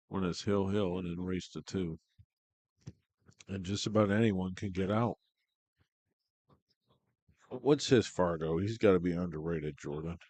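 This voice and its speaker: A man's voice: low-pitched, darkish tone. A man calling a pool tournament in casual, chatty live commentary from the hall, talking through the shots. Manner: laid-back, chatty, talks shop about shots.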